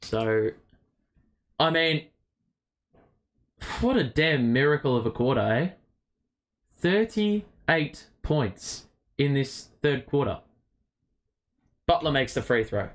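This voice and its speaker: A man's voice: mid-range voice, animated, takes it slowly, pauses often. A man hosting a fan watchalong, calling the game play by play, partisan and swearing freely. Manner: partisan, swears, rises to shouts on big plays. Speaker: host of a fan watchalong stream.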